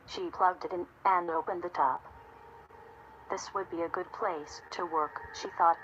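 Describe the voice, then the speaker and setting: A woman reading a story aloud in a steady, measured narration. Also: lowish voice, muffled recording, slight background noise. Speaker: audiobook narrator. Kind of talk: scripted narration.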